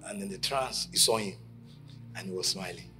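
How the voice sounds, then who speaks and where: A man preaching a sermon at a conference, telling stories and acting out the quotes, from shouting to near whispers. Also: on the low side, sing-song, normal speed, over music. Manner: dramatic storytelling, acting out quotes, swinging from shouts to hushed lines. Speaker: pastor. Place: conference stage.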